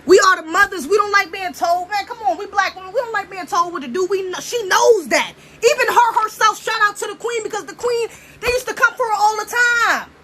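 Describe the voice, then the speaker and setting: A woman's voice: very high-pitched, fairly quick, few pauses, background noise. A young American woman giving a blunt, preachy, profane casual monologue. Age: young adult. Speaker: commentator.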